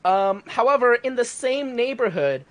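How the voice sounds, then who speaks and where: A woman telling a work story in a casual podcast chat, animated and profane. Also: a little high, normal speed.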